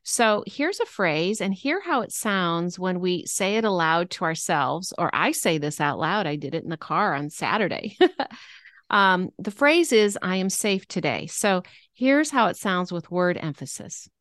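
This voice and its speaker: A woman's voice: fairly low pitch, expressive, a little slow, a bit bright, no room sound, studio quality. A woman guest on a podcast explaining things in an earnest way, with some hesitant ums. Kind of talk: casual interview conversation.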